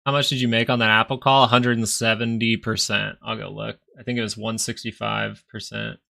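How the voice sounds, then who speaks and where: A man's voice: fairly low pitch, flat delivery, a little fast, vocal fry, pushed and bright. A man hosting a live stock market stream, chatting casually and rambling between chart talk and answers to viewers. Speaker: stock market livestream host.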